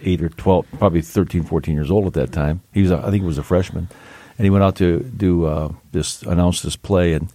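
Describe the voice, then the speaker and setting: A man's voice: sits low, fairly even intonation, a little fast, few pauses, mellow. A man hosting a casual podcast conversation, chiming in with short agreements. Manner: brief affirming interjections. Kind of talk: casual chat.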